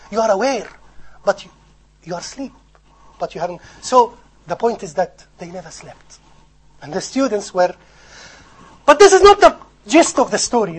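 A man preaching a sermon, animated, swinging from loud emphasis to soft asides and acting out quoted speech. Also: high voice, a little hiss or hum, low-quality recording. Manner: acts out quoted speech and recites in Arabic. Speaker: Islamic preacher. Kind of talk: sermon on hadith scholars.

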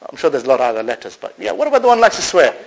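A gravelly, fairly high-pitched male voice races through a sermon, heard on a low-quality recording with slight background noise. The Islamic preacher speaks before a live audience, answering his own rhetorical questions, weaving in Arabic religious wording, and swinging animatedly between loud and soft.

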